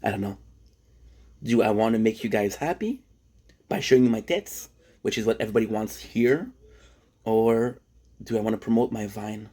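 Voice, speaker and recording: Man from Quebec, husky, tangent-prone joking streamer. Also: on the low side, normal speed, long pauses, dark tone. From Quebec, Canada. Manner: rambling, tangent-prone, joking, self-deprecating. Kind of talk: rambling casual monologue.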